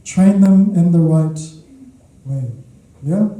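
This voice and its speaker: A man's voice: high voice, takes it slowly, mellow. A man preaching a sermon as a pastor, emphatic, repeating his key points and checking in with the congregation. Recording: echoey hall from far off.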